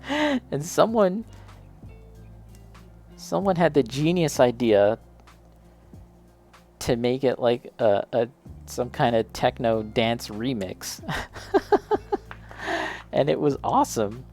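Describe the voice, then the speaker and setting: A man's voice: medium pitch, animated, takes it slowly, pauses often, darkish tone, faint music behind. A man chatting casually while building a model kit, talking straight to a friend and laughing often.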